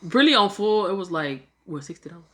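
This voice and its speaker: A woman's voice: medium pitch, brisk. A young woman casually telling a travel story, swearing freely and acting out what people said. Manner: animated, swears freely, acts out quotes.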